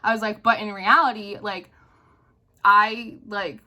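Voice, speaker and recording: A young woman talking casually to her viewers as a tarot reader, animated and blunt, swearing often and dropping lots of "like" fillers. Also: mid-range voice, unhurried. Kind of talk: casual spiritual talk to camera.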